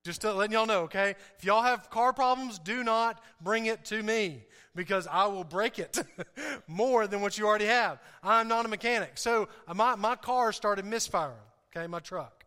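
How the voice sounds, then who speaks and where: A pastor preaches in a very high, smooth, resonant voice, telling a rambling story with self-deprecating humor and frequent laughs. His sentences stumble and repeat as he goes. The sound carries a long reverb, as from a large hall. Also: moderate pace, sharp tone. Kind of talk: sermon.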